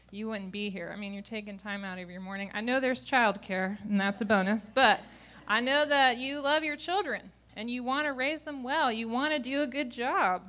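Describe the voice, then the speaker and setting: A woman leads a parenting class, speaking to a group of parents in a live talk. She is open and self-mocking and breaks into easy laughs. Her voice sits slightly higher than usual. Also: fairly bright tone.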